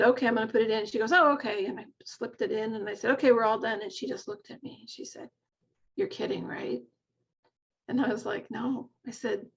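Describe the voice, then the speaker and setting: A middle-aged woman talks as a nurse coach in a warm, reflective storytelling way. Her voice sits a little high, with a husky, gravelly texture. The sound is dull and lo-fi, like audio from a video call. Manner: earnest and heartfelt, retelling patient stories.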